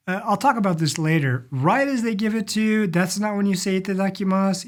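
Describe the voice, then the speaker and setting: A middle-aged man giving a casual lesson on polite phrases, repeating each word slowly for learners. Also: on the high side. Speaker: language and culture teacher. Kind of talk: casual instructional talk.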